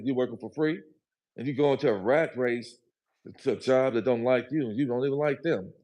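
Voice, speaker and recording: A guest on a livestream speaks in a preachy, emphatic, motivational way during a live chat, repeating his phrases. His voice is medium-pitched with a darkish tone.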